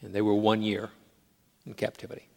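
A man preaching a sermon, moving between loud, emphatic declarations and hushed, intimate storytelling. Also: on the low side, monotone, fairly quick, creaky. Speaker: pastor.

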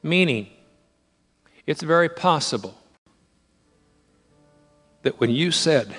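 A man preaching a sermon, emphatic and repetitive, swinging between rising fervor and quiet, hushed moments. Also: fairly high pitch, lively intonation, takes it slowly, soft background music. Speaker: pastor.

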